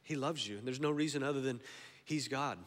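A man preaching a sermon in a church, moving between quiet, slow passages and loud, emphatic declarations. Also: mid-range voice. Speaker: pastor. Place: church sanctuary. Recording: long hall reverb.

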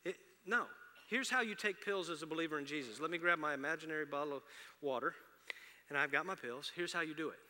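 A middle-aged man preaching a sermon as pastor, conversational and shifting between loud emphatic passages and soft ones. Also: a little high, quick pace. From Houston, Texas area. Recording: long reverb of a large hall.

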